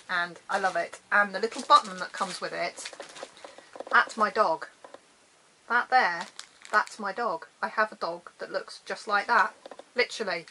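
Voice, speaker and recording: This crafting vlogger is a middle-aged woman from the UK with a sharp, mid-range voice, heard on poor audio with slight background noise. Chatting casually as she shows her crafts, she pokes fun at herself and often drifts off mid-thought before restarting.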